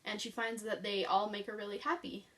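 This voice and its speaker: In this casual book review chat, recorded from afar, a woman gushes about the books she loved as a child, wandering off topic and filling gaps with ums. She talks a little fast in a mid-range voice with fairly even intonation.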